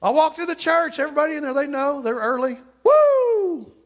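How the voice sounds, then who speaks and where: A man preaching a sermon to his congregation in church, fervent and conversational. He swings from quiet joking asides to loud exclamations. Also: very high-pitched, fast. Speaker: pastor.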